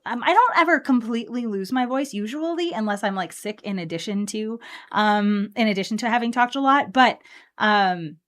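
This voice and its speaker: A woman's voice: medium pitch, a bit bright. A woman hosting a live card game stream, chatting casually and upbeat with lots of fillers while she plays.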